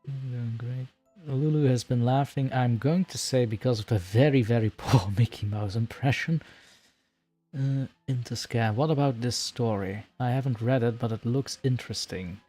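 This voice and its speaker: Male streamer, casual and giggly, middle pitch, faint music behind. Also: normal speed, warm tone. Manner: scattered, self-mocking, giggly, chatty. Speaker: streamer, horror story narrator. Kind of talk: casual live-stream chat.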